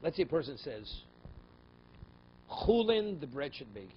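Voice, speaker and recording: A rabbi giving a Talmud class, reading Aramaic passages and explaining them in English, often checking with "okay?" and "right?". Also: male voice, mid-range voice, animated, fast. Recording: slightly dull, faint room noise.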